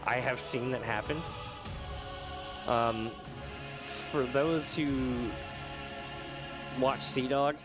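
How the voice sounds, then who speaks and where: A man's voice: medium pitch, steady tone, drawn-out words, long pauses, music in the background. A gaming streamer chatting casually to his chat and laughing often. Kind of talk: casual live-stream commentary.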